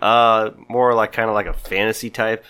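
A man on a podcast working through an explanation in halting bits, with plenty of fillers and restarts. His voice sits low in pitch but sounds bright and forceful. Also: flat delivery, clear, resonant tone. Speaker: podcast co-host. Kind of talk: casual chat.

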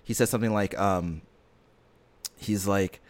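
A man's voice: fairly low pitch, steady tone, a little slow. A man in casual chat, retelling a story earnestly in a rambling way with lots of fillers and restarts. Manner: earnest and emotionally invested.

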